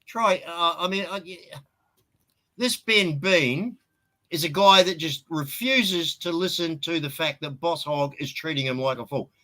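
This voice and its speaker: A man's voice: a little high, unhurried, pushed and bright, poor audio. An Australian man with an Australian accent, ranting bluntly and swearing freely in a casual live-stream chat.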